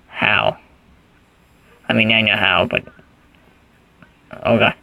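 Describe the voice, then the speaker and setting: A man's voice: fairly low pitch, expressive, slow, gravelly, pauses often, pushed and bright, dry recording, low-quality recording. A man giving casual gameplay commentary, rambling goofily and thinking aloud as he plays. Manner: rambling, goofy, thinks aloud while playing. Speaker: gaming channel host.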